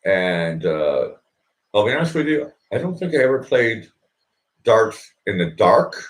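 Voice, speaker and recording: Lively low-voiced male stream host. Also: measured pace. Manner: rambling, jokey, lots of fillers. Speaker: show host. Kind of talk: casual live-stream chat.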